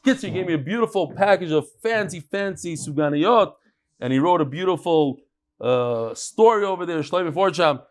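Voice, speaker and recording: A man's voice: on the high side, expressive. A man, teaching a daily Talmud class, reading out emails and names in a chatty way before a live group in a study hall. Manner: warm, chatty, reads out names and letters quickly. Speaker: Daf Yomi teacher.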